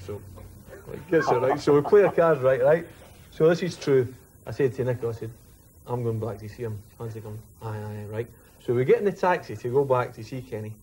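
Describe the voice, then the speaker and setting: A man, a former footballer telling a lively anecdote in an interview. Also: medium pitch, breathy edge. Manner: animated, mimics others while telling a story. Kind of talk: storytelling anecdote.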